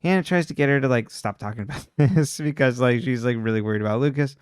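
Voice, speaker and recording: A man co-hosting a podcast, casually retelling a TV episode in a rambling way, full of fillers and quick quoted lines. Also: medium pitch, darkish tone, smooth, dry recording, clean studio sound. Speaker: podcast co-host recapping a TV episode. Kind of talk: casual recap chat.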